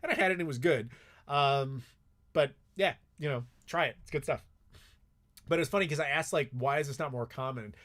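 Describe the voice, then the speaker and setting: A man's voice: fairly high pitch, normal speed, pauses often, fairly bright tone. A man casually answering viewer questions on a live stream, rambling and swearing freely with lots of filler words.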